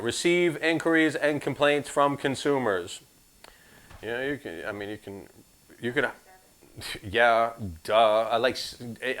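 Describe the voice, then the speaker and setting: A man leads a live insurance class in a loose, joking way. He turns to his students with asides between points and gets lively as he goes. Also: medium pitch. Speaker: insurance licensing instructor.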